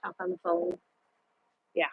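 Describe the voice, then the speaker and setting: Husky-voiced woman trucker chatting. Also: lowish voice, completely flat delivery, measured pace, no echo. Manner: chatty, swears casually. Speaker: truck driver. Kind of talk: casual live-stream chat with viewers. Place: parked truck cab at a rest area. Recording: dull lo-fi sound.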